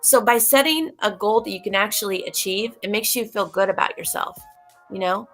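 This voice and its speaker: Speaking briskly at a medium pitch, this livestream host talks straight to her viewers, emphatic and somewhat preachy in a casual setting. Her tone is fairly bright, and faint music plays in the background.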